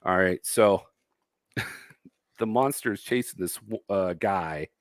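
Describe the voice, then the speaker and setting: A man's voice: low-pitched, takes it slowly, dry recording. A man co-hosting a casual livestream chat, telling a rambling story and laughing often. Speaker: co-host.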